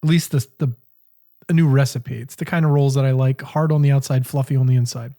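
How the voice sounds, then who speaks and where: A man telling a story in casual podcast chat, swearing constantly. He jumps into his own past words with lively, exaggerated delivery, like a co-host riffing with a friend. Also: mid-range voice, brisk. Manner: profane, animated storytelling, quoting himself. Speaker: cooking school podcast co-host.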